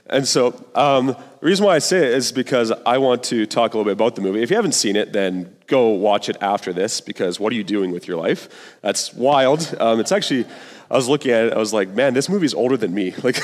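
A young man in his twenties preaching a sermon as youth pastor, casual and conversational with fillers and asides, in a church. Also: mid-range voice. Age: 20s. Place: church sanctuary. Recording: long reverb of a large hall.

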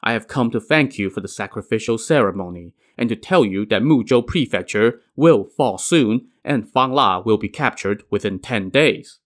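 A man voicing a grateful male dragon spirit in a scholar's form, in a calm, plain delivery close to his own voice. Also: on the low side, normal speed, hardly any pauses, lightly acted. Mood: earnest.

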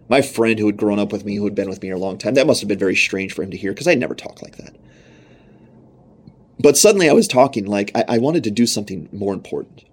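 A young man preaching a sermon, telling his own story in an earnest, emphatic way. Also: fairly low pitch.

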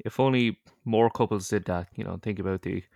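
A man's voice: on the low side, fairly quick, creaky, a little mellow, dry recording, clean studio sound. A man co-hosting a podcast in casual chat, teasing and supportive.

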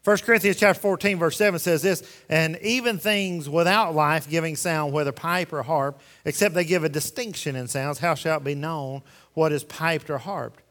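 A man's voice: a little high, moderate pace, a bit bright. A man preaching a sermon in a church, folksy and emphatic, firing rhetorical questions at the congregation. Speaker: pastor. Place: church sanctuary. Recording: long hall reverb.

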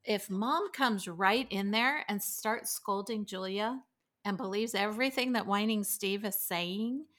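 A middle-aged woman, a podcast guest, telling family stories in a lively way and acting out her children's voices. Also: mid-range voice, a little slow. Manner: animated storytelling, acts out her kids' voices. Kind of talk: casual podcast conversation.

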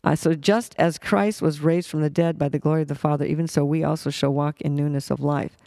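A man teaching a Bible passage in a relaxed, halting way, often stopping to restart and reach for the next word. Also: on the high side, vocal fry, dry recording, clean studio sound. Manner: halting, with many restarts and fillers.

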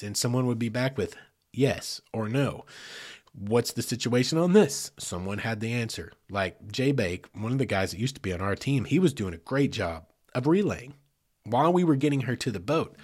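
A man hosting a podcast, telling a story in a folksy, animated way and acting out hollered exchanges. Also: mid-range voice, slightly rough. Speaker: podcast host, search and rescue team member.

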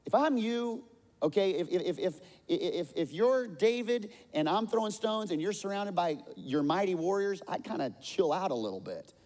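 A man preaching a sermon, telling a story with lively delivery and loudly acting out the quoted lines. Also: sits high, normal speed, long reverb tail. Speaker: pastor.

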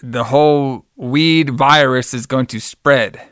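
A man's voice: medium pitch, slow, a bit bright, smooth, no echo, studio quality. A man hosting a podcast, casually retelling a movie's plot and acting out the characters' lines in his own voice. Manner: loose retelling, acts out quotes in plain voice, calls cohost brother. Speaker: podcast host. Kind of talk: casual movie recap chat.

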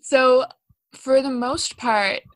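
A woman's voice: sits high, slow, dry recording. A young woman co-hosting a casual educational podcast, chatty and self-deprecating, with plenty of ums and likes. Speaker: podcast co-host.

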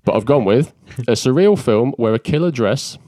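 A man's voice: medium pitch, lively intonation, normal speed, warm tone, dry recording. A man co-hosting a podcast in casual chat, laughing often and poking fun at himself, a bit coughy from an allergy. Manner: laughs often, self-mocking banter. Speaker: podcast co-host. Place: living room. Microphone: podcast mic.

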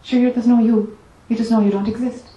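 A woman spiritual teacher telling a parable and explaining it to a group, animated and conversational, laughing often. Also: a little high, fairly quick, lo-fi sound. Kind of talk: storytelling talk to a group. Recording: echoey room, faint noise.

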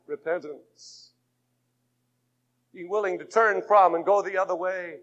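A man preaching a sermon, swinging between fervent shouts and hushed, intimate passages. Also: high-pitched, fairly even intonation, a little slow, pauses often. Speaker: pastor. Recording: muffled lo-fi 1980s tape.

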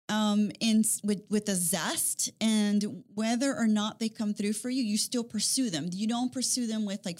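A woman's voice: mid-range voice, darkish tone. A woman in casual conversation, talking in long rambling runs with repeated words and frequent laughter. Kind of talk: casual chat.

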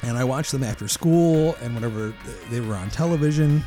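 A man's voice: medium pitch, brisk, mellow, faint music behind. A man hosting a casual film podcast, blunt and swearing freely. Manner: swears freely, blunt, says "I mean" a lot. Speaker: podcast host, film critic. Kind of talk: casual chat about films.

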